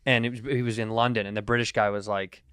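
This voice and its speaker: A man's voice: lowish voice, little pitch movement, fast talker, fairly bright tone, clear, resonant tone, dry recording, studio quality. A man co-hosting a comedy podcast, telling a story in joking, casual chat and laughing often. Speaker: podcast co-host.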